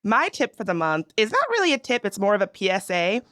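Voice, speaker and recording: Animated woman podcast host, dry studio sound. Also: mid-range voice, a little fast, no room sound. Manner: animated, teasing rants. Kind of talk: casual chat.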